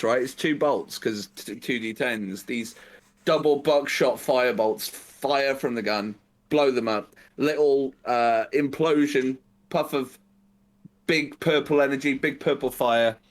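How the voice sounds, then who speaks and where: Casual swearing man running the game. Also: medium pitch. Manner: casual and swearing, counts moves aloud. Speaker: game master. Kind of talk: narrating a tabletop game.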